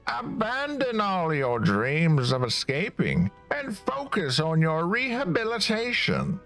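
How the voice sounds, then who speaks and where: A man's voice: high voice, wildly swooping pitch, fairly bright tone, soft background music, voice pushed up, full character voice. A man doing a sneering prison guard. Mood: mocking. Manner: taunting, drawn-out mocking delivery. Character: sneering male prison guard, bossy and scornful.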